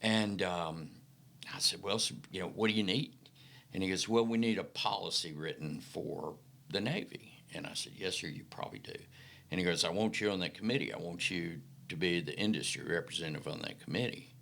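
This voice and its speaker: Man, middle-aged, deep voice with a bright edge, folksy anecdotes for an interview guest spot. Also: fairly quick, creaky. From Mississippi Delta, American South. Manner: folksy, animated anecdotes with acted-out quotes. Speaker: podcast guest. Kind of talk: casual storytelling interview.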